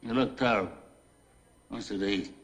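An actor playing an aging, stern male mob boss who scolds in a gruff, commanding way in a film scene. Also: fairly low pitch, brisk, natural voice, rough recording. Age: older.

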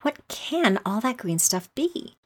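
Brief: woman playing a storybook girl, higher and slower, earnest and flustered. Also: big pitch swings, full character voice. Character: polite, bewildered little girl, Alice.

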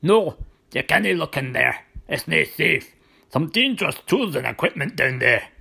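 A man reading a storybook puts on a hulking Scottish lighthouse keeper, a surly middle-aged brute who growls every word through a gravelly, husky throat. His tone is edgy and bright, and his pitch swings widely as he grumbles at strangers. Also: big pitch swings, moderate pace, full character voice. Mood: sharp. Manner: curt, hostile, grumbling. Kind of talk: storybook narration.

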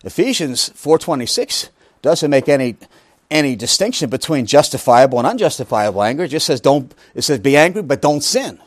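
A man's voice: medium pitch, very animated, brisk, no echo. A man preaching a Bible lesson, emphatic, asking rhetorical questions and making joking asides. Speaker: pastor teaching a Bible study. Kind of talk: sermon.

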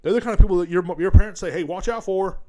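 A man's voice: high-pitched, racing, dark tone. A middle-aged man hosting a comedy podcast, ranting crudely and mocking voices as he rambles. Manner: profane, rambling, mocking voices mid-rant. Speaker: podcast host.

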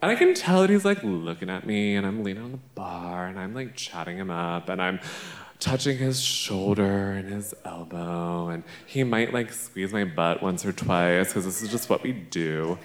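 A man's voice: low voice, lively intonation, moderate pace. Drag queen guy telling a story on stage, cheeky and foul-mouthed, voice bouncing all over, echoey theater. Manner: playful, brash, profane, flirting with the audience. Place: theater stage with live audience.

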